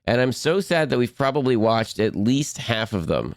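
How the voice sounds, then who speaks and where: A man's voice: mid-range voice, lively intonation, moderate pace, few pauses, no echo, clean studio sound. A man streaming, chatting casually and playfully to his viewers in a rambling way.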